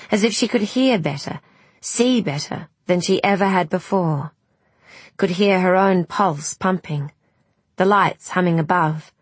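A woman narrating a novel in a calm, measured storytelling voice. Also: on the low side, slightly rough, no echo. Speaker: audiobook narrator. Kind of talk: scripted narration.

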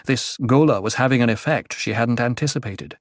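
A man reads a novel aloud as narrator, with a steady, even storytelling manner. His voice sits at a medium pitch. The recording is dry and close, with no room echo. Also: a little fast. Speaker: audiobook narrator. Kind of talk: scripted narration.

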